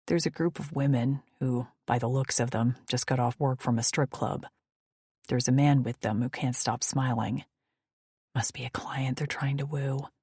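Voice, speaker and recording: A woman narrating a first-person romance audiobook in a hushed, breathy inner-monologue manner, close to the mic. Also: rumbling low, fairly even intonation, moderate pace, no room sound.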